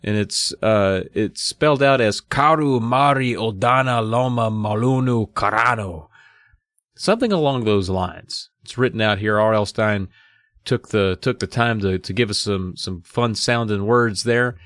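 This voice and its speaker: A man's voice: fairly low pitch, moderate pace, clean tone, no room sound, clean studio sound. A man hosting a casual book discussion podcast, retelling the story and reading excerpts aloud. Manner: reads excerpts aloud, lively voices for characters. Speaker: podcast host.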